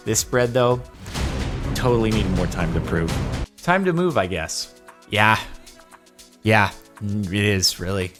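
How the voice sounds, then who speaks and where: A young man hosting a reaction video, rambling and joking in casual commentary. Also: lowish voice. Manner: animated, rambling, jokey.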